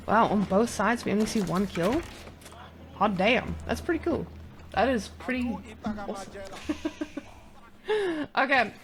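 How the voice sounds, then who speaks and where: A woman with a South African accent, giving chatty, excitable live-stream game commentary and laughing often. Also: medium pitch.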